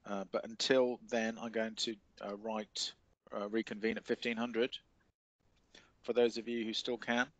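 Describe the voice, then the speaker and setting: A man's voice: lowish voice, level tone, measured pace, dry recording, dull audio. A man with an English accent teaching a literature class, explaining in a hesitant way with many fillers. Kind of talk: classroom lecture and discussion.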